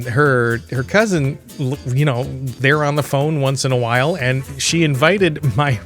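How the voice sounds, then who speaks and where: A man's voice: mid-range voice, a bit bright. A man from Michigan hosting a gaming channel, telling a casual, rambling story with chuckles and restarts. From Michigan, USA. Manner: rambling, chuckling, self-correcting. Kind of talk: casual storytelling over gameplay. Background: faint video game music.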